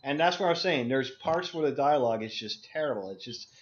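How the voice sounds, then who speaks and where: A man's voice: mid-range voice, animated, brisk. Blunt ranting young man on a call. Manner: blunt, profane, emphatic ranting. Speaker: discussion co-host. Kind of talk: casual Skype chat. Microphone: video call. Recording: dull lo-fi voice call audio.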